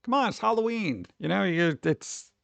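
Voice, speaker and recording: A man streaming casual reaction chat, rambling and joking, breaking into quick put-on voices for his bits. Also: high voice, lively intonation, creaky, a bit bright, no room sound.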